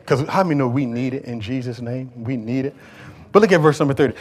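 A pastor preaching a sermon to his congregation. He talks in a casual, colloquial way, then builds into loud, emphatic call-outs. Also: mid-range voice, fast, slightly rough. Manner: colloquial, conversational asides to the congregation.

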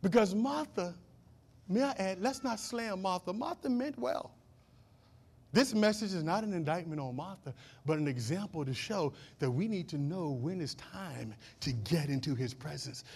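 High-voiced, dynamic male pastor preaching. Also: lively intonation, normal speed, vocal fry, breathy edge. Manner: dynamic preaching, swinging from loud declarations to hushed asides; asks the congregation call-and-response questions. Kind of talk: sermon.

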